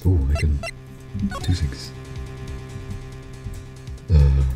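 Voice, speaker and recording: A man's voice: very deep voice, steady tone, drawn-out words. A man casually joking while livestreaming a game playthrough. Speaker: streamer. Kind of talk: live game playthrough commentary. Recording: game music playing behind.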